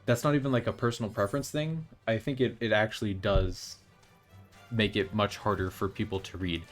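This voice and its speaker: A man's voice: fairly low pitch, fairly even intonation, fairly quick, faint music behind. A young man chatting casually on a live stream while playing a game, rambling and opinionated, with frequent restarts.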